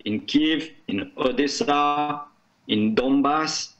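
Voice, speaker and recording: A man from France with a French accent, speaking as a conference panelist in halting English, searching for words. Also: fairly high pitch, a bit bright, soft background music, poor audio. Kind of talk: panel discussion remarks.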